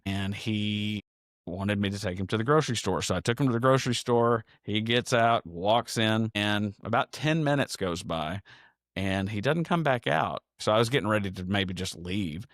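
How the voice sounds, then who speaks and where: A man's voice: lowish voice, no room sound, clean studio sound. A man hosting a casual solo podcast, telling a rambling story with chuckles and restarts. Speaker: podcast host.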